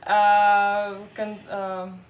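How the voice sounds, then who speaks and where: A woman's voice: mid-range voice, completely flat delivery, very slow, dull audio. A woman English teacher, chatting casually, laughing often and using many fillers. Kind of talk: casual chat.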